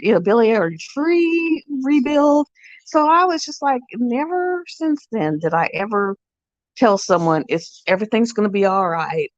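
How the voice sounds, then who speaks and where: A woman's voice: medium pitch, no echo. A woman hosting a live stream, talking in a rambling, chatty way. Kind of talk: casual live-stream chat. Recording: dull, dry lo-fi sound.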